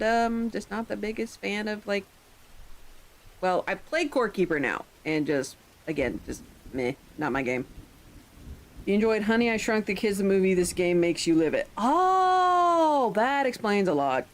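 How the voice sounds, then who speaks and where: Lively, rambling woman streamer. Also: mid-range voice, a little slow, poor audio. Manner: rambling, chatty, occasional swearing. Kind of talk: casual live-stream chat.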